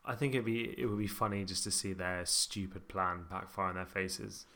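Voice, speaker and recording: Male co-host, lowish voice with a bright edge, dry humor, casual chat. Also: fairly even intonation, moderate pace, vocal fry. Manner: dry wit, chatty with fillers. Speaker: podcast co-host.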